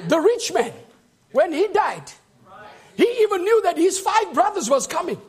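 A male preacher delivering a fervent sermon, often shouting and calling on the congregation for amens. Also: very high voice, big pitch swings, normal speed.

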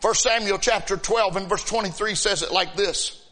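High, bright-voiced shouting preacher man. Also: normal speed, faint music behind. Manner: impassioned, shouting preaching with sudden drops to soft speech. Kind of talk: sermon.

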